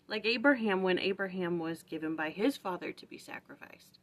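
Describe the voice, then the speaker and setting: A woman's voice: mid-range voice, normal speed, a bit bright. A woman hosting a casual morning scripture-study vlog at home, thinking aloud with lots of "like" and "right?". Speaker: vlog host.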